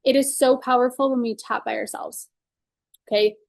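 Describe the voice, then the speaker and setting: A woman's voice: fairly high pitch, steady tone, moderate pace, gravelly, no echo. A woman leading a guided tapping session and teaching casually, earnest and upbeat, often saying "like" and "right?". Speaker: EFT tapping coach.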